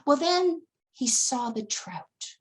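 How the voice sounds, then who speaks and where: A woman from Newfoundland telling a fairy tale to children, expressive and dramatic, with gasps and hushed asides. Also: sits high, takes it slowly. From Newfoundland, Canada. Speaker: storyteller. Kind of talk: oral storytelling for children.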